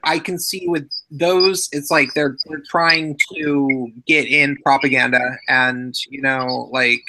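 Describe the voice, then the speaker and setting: A woman with a bright, sharp tone talks casually on a group livestream. She repeats words and trails off as she gathers her thoughts. She sounds like she is on a home computer mic. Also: deep voice, steady tone, slow, low-quality recording. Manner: hesitant, stammering, loses her thoughts. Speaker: livestream participant.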